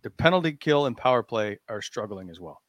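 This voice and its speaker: A man's voice: mid-range voice, animated, fairly quick, a bit bright, no room sound, clean studio sound. A man hosting a hockey podcast in casual chat, earnest and hesitant, often stopping to correct himself. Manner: hesitant, lots of uh and restarts, earnest. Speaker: podcast host.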